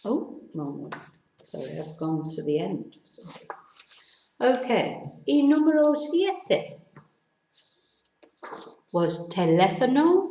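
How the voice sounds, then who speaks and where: A woman teaching a casual video lesson, a little hoarse with laryngitis, spelling words out letter by letter and adding chatty asides. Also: medium pitch, a little mellow, echoey room, rough recording. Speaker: Spanish teacher.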